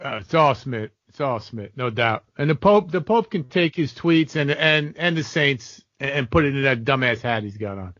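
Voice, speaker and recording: A man's voice: mid-range voice, expressive, normal speed, few pauses, a bit bright, dry recording, lo-fi sound. A man co-hosting a sports betting podcast, ranting heatedly and swearing through casual chat. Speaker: podcast co-host.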